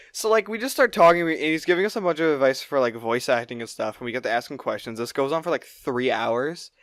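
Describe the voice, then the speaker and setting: A man co-hosting a podcast, telling a long story in casual chat, rambling and excitable, with plenty of swearing. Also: medium pitch, quick pace, hardly any pauses, dry recording. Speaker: podcast co-host.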